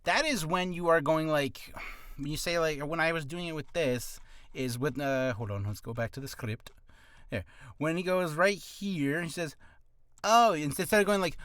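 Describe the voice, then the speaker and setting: Man, aspiring voice actor, casual rambling tips, self-deprecating, bright tense tone. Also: fairly high pitch, no echo. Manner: rambling, self-deprecating, breaks into quick voice demos. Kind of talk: casual talk explaining voice acting tips.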